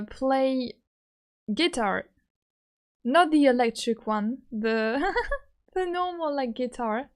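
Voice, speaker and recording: A young woman from France with a French accent, chatting casually and giggling often with her live-stream viewers. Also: very high-pitched.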